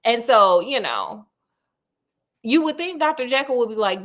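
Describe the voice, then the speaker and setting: Animated, slangy woman storyteller. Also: a little high, unhurried. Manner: animated, slangy, talks to the audience. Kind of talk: casual, comic story retelling.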